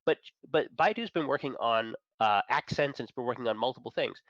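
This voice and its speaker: A man's voice: mid-range voice, a little fast, fairly bright tone, dry recording, highs cut off. A man chatting as a guest on a talk show, enthusiastic and opinionated, chuckling between points. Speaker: guest, managing editor of an entertainment and tech site. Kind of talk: casual chat.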